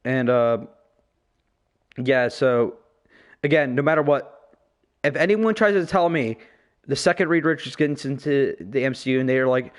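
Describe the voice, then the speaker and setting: Podcast host, male, higher voice, profane ranting delivery. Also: animated, moderate pace. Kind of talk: casual podcast chat.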